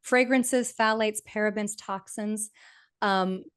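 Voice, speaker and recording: A woman speaking as a guest health expert, confident and emphatic, explaining research with quick asides and "right?" checks. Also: mid-range voice, steady tone, a bit bright, clear, resonant tone.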